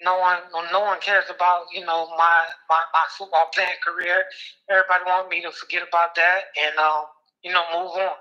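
A man in his thirties, a former football player being interviewed, talking haltingly and emotionally, close to tears, repeating words and restarting often. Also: high voice, little pitch movement, bright, forceful tone. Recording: dull lo-fi audio.

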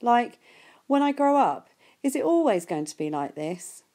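A woman reading aloud and voicing a shy, earnest ten-year-old boy, her voice slightly raised and quick. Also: fairly high pitch, big pitch swings, mellow, pitched above the performer's own voice.

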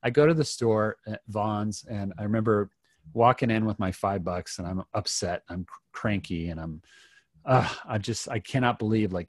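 A middle-aged man, a guest on a podcast, tells a personal story earnestly and reflectively, restarting often. His voice sits fairly low and moves at a moderate pace. The studio recording is clean, with no room sound.

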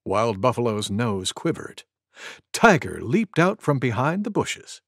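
Storybook reader, male, slow and very expressive, gravelly, dry close mic. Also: medium pitch, dry recording. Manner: expressive, animated. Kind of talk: read-aloud storytelling for preschoolers.

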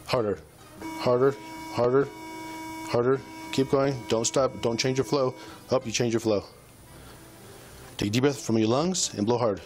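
A man's voice: mid-range voice, steady tone, normal speed, long pauses, a little mellow, soft background music. A male police officer coaching a suspect through a breath test with short, repeated commands. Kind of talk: bodycam field recording.

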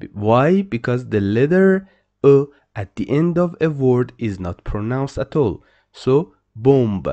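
A man teaching French pronunciation to beginners, speaking slowly and repeating each example word several times. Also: medium pitch, a little mellow, dull audio. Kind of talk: slow, repetitive pronunciation lesson.

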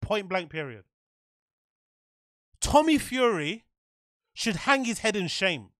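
Young podcast host, bright tone, animated and profane rant, keeps firing the same question. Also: male voice, sits high, takes it slowly, dry recording. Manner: animated, exasperated, profane, repeats his questions. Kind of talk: ranting commentary.

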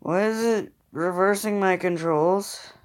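A weary man with a high voice mutters unhurried commentary into his phone's mic while playing a mobile game, grumbling at his opponents.

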